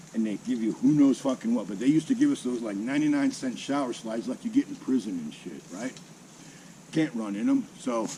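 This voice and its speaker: Through a rough recording with a bit of background noise, a man in his sixties with a medium-pitched voice spins a personal story. He's casual, salty, and heavily profane, livening it up with mimicked sounds.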